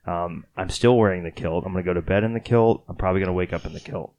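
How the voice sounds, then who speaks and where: Very deep-voiced man rambling, joking. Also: quick pace, darkish tone, lo-fi sound. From Texas. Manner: rambling, joking, self-mocking. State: tired after a late night. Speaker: podcast host. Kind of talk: casual chat.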